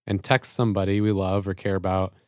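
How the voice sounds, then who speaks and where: A man's voice: sits low, little pitch movement, a little fast, no room sound, clean studio sound. A man co-hosting a podcast in casual chat, affirming and upbeat, laughing easily. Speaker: podcast co-host.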